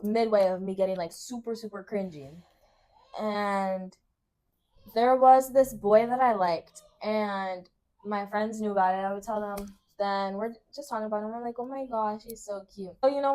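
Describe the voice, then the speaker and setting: A woman's voice: medium pitch, normal speed. A young woman co-hosting a casual chat, dramatically retelling embarrassing stories from her school days. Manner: animated, laughing, dramatic retelling. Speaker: co-host.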